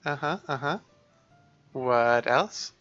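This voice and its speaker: A man voicing a caring, persistent young woman who coaxes a friend and keeps gently insisting on helping. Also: medium pitch, takes it slowly, dull audio, soft background music, voice pushed up. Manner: eager, coaxing, gently insistent.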